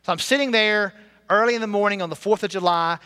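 A man's voice: high-pitched, quick pace, sharp tone, clean tone. A man from Alabama preaching a sermon in a church, telling his own story earnestly and breaking into song at times. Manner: earnest storytelling with sung passages. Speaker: pastor. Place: church sanctuary. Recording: hall reverb.

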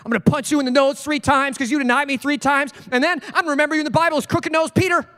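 A man's voice: very high-pitched, fairly even intonation, very fast, bright, forceful tone, voice pushed up. A man voicing a petty, vengeful man who gloats and taunts mockingly. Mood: gloating. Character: petty vengeful version of a risen teacher, adult man, mocking.

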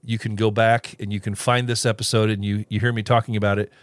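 A man's voice: lowish voice, little pitch movement, quick pace, no echo. A man hosting a casual solo podcast, rambling with restarts and little chuckles as he reads live comments. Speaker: podcast host.

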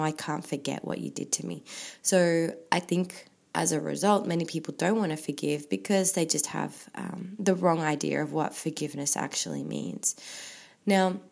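A woman's voice: sits low, creaky, darkish tone. A middle-aged woman hosting a faith-based podcast, talking earnestly and reflectively with frequent ums. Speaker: podcast host.

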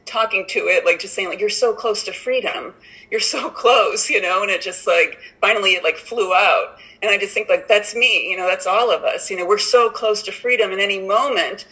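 Woman, recovery meeting share, rambling, filler-heavy, bright tone, video call. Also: medium pitch, a little fast, few pauses, poor audio. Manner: rambling, many "like" and "you know" fillers, laughs often. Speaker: meeting member sharing.

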